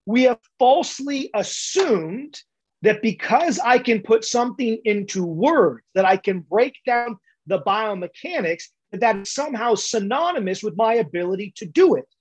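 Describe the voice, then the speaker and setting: A man's voice: high-pitched, animated, normal speed, breathy edge. A man as a podcast guest, explaining coaching ideas in an emphatic, lecture-like way and repeating words for stress. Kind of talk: explanatory interview talk.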